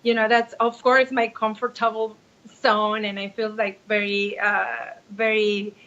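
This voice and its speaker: A Mexican woman in her forties, a Spanish speaker, appears as a life coach guest and tells her story candidly, open and expressive, with many restarts. Her medium-pitched voice moves at a measured pace, and the sound is lo-fi.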